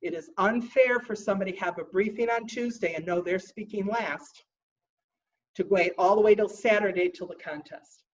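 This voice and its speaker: A woman running a training briefing who slows down to stress key points and calls herself a fussy stickler. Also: medium pitch, distant mic, highs cut off. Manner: self-described fussy stickler. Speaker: contest trainer.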